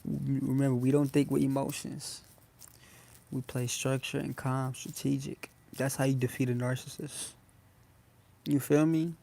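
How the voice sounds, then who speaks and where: A man's voice: medium pitch, flat delivery, a little slow, vocal fry, warm tone. Slangy man on a phone livestream. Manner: loose slangy talk, addresses chat often. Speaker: livestream host. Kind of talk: casual livestream talk to viewers.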